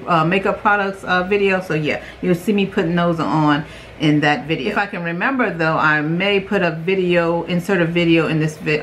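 Loud, chatty woman beauty vlogger. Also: lowish voice, a little hiss or hum. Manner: chatty and rambling, tags lines with "okay?"; loud, self-aware about yelling. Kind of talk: casual chatty product review.

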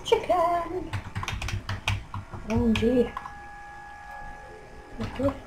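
A woman's voice: on the high side, takes it slowly, over music, poor audio. Young woman trash-talking while gaming. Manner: frustrated, trash-talking, excitable outbursts. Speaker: gaming commentator. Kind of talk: gameplay commentary.

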